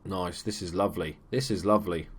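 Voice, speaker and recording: Excitable man narrating a game. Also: deep voice, a little fast, slightly rough. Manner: chatty, swears, bursts into excited shouts at goals. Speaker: gaming YouTuber. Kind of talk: casual let's play commentary.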